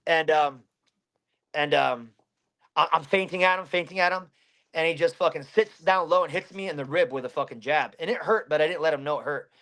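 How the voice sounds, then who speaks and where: Man, 30s, fighter, interview storytelling, cursing a lot, intense, a bit high-pitched. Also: brisk, fairly bright tone. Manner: heavy swearing, blunt and intense.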